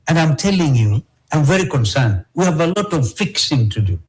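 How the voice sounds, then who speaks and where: A man's voice: a little high, very animated, brisk, darkish tone, low-quality recording. Emphatic Kenyan politician, man. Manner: emphatic, repeats key phrases, checks in with "all right?". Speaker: opposition politician being interviewed. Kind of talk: political interview answers.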